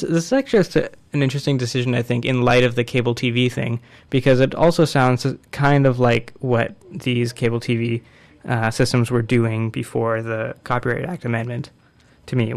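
A man in casual discussion, explaining a court case in a measured way with frequent fillers. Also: medium pitch, clean tone, dry recording.

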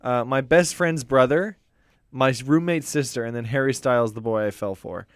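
A man co-hosting a casual chat, reading fan fiction aloud with quick laughs and stumbles. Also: mid-range voice, clean tone, no echo, clean studio sound. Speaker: co-host.

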